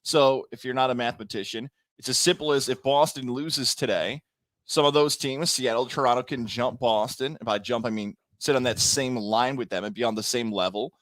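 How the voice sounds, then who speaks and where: A man co-hosting a casual sports talk show, laying out standings and scenarios in a steady, methodical way. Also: medium pitch, a little fast, no room sound.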